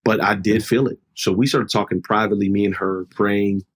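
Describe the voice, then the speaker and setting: A man's voice: lowish voice, fairly even intonation, brisk, slightly rough. A middle-aged man, a pastor, telling a personal story in an earnest, conversational way during a podcast interview.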